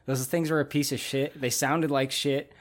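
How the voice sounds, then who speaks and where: A man's voice: medium pitch, flat delivery, normal speed. A man in his thirties, a podcast host, chatting loosely about old movies, swearing and laughing often. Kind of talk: casual chat.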